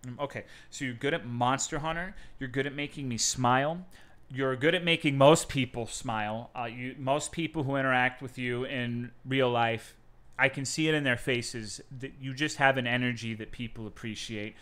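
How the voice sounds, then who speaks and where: A man's voice: mid-range voice, normal speed, a bit bright. A man streaming from home, chatting casually with his viewers in a profane, self-mocking, joking way.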